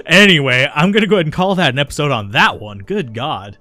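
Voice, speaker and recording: A laid-back man signs off a gaming video with quick, relaxed commentary and a laugh now and then. His voice is middle-pitched and brisk, recorded dry with no echo. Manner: laid-back, reacts with laughs and mild swears. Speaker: let's play host.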